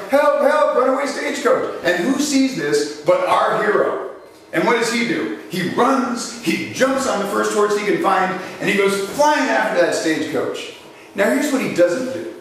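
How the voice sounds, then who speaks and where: Animated man teaching a sales seminar. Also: high-pitched, slight background noise. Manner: animated storytelling, acts out voices, asks the audience questions. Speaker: sales trainer. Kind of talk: live seminar lecture. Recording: echoey hall, mic from a distance.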